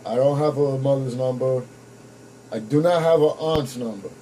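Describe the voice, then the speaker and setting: A man's voice: mid-range voice, moderate pace, dark tone, rough recording. A young man talks straight to his viewers in a casual vlog and calls them folks. His speech is blunt and full of swearing as he tells his own story. A faint background hum runs under his voice. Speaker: vlogger. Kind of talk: personal storytelling to camera.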